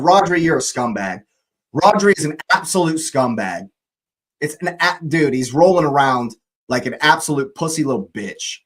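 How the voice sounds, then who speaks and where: A man's voice: on the high side, animated, normal speed, slightly rough, low-quality recording. A young man hosting a live football watch-along, ranting angrily at the referee, swearing and repeating himself.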